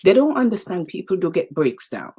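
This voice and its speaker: The show host is a woman from the Caribbean islands with a Caribbean English accent, pitched fairly low, mellow yet husky. She moves fairly quickly and is very animated, speaking emphatically to viewers in a live motivational talk and repeating phrases.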